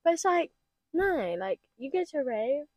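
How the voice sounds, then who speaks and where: A woman, a guest chatting casually on a podcast, bubbly and quick to laugh, swearing casually. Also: high-pitched, big pitch swings, a little mellow, dry recording. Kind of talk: casual chat. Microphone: podcast mic.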